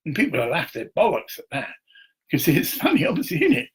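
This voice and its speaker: A man's voice: a little high, huge pitch swings, a little fast, slightly rough. A man talking into his camera on a live stream. He rambles in an aggrieved, profane way and reads viewer comments as he goes. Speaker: livestreamer.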